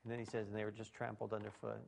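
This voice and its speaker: A man preaching a sermon to his congregation in an animated, folksy way, with speech and shouted exclamations. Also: fairly low pitch, rapid-fire, gravelly, slight background noise. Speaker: pastor.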